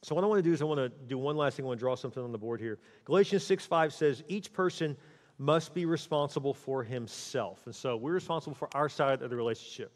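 A male pastor giving a conversational sermon on marriage. Now and then he goes quiet and soft to act out what a spouse might say. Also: mid-range voice, quick pace, big-room sound.

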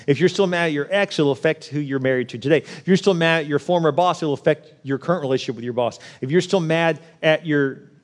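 A man delivering a sermon in a slightly higher-pitched voice. He tells his story earnestly and presses his points home with emphasis. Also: quick pace. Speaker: pastor.

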